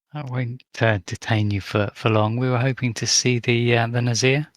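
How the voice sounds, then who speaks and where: A man's voice: mid-range voice, level tone, unhurried, no echo. A man playing an investigator character in a tabletop game, polite and hesitant with frequent fillers. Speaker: player.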